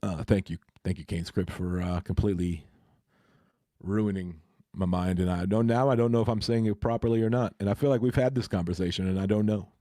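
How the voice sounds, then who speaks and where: A man's voice: low voice, fairly even intonation, fairly quick, warm tone, no room sound, clean studio sound. A man chatting casually on a crypto livestream, hesitant and full of fillers and restarts.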